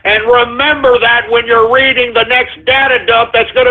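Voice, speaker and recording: A man with a high-pitched voice rants on his talk radio show, swearing in exasperation and repeatedly bursting into shouts. His pace is normal and he leaves few pauses. Everything sounds tinny and thin, much like a phone connection.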